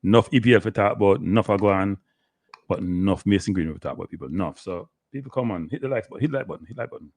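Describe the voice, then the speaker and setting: Rambling sports stream host. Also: male voice, low-pitched, very fast, a little mellow. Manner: rambling, talks to the chat by name, slips into Caribbean patois. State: dry throat. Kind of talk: casual live-stream chat.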